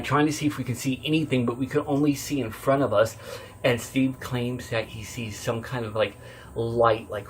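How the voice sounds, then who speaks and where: A man telling a true horror story in a casual, rambling way, swearing often and swinging from hushed to loud. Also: mid-range voice, slight background noise. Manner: rambling, swears often, many fillers and restarts.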